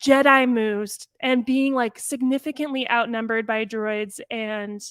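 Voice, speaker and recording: Animated woman podcast co-host. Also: fairly high pitch, clean tone, dry recording. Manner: animated, quick bursts of speech with frequent "like". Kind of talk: casual chat.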